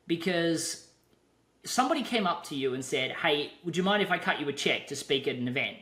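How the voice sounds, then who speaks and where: A man's voice: a little high, a bit bright. A man hosting an interview, talking in a reflective way with frequent restarts. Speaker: podcast host. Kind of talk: casual interview chat. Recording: roomy echo.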